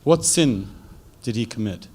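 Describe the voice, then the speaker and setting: A man's voice: fairly low pitch, a little slow, slightly rough. A middle-aged man with an English accent, telling a personal story in a debate and acting out the voices he quotes. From England. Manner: animated, acts out quotes with a lifted voice.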